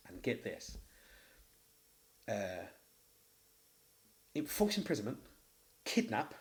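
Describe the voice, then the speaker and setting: A man with a Mancunian accent, a tattoo studio owner, telling a story in casual podcast chat, blunt and animated, swearing freely. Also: on the low side. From Manchester, England.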